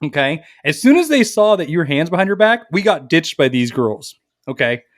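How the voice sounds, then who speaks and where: A man's voice: a little high, normal speed, dry recording, studio quality. A man co-hosting a podcast, telling a long story in casual chat, swearing freely and acting out what everyone said. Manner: animated, profane, acts out quotes. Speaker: podcast co-host.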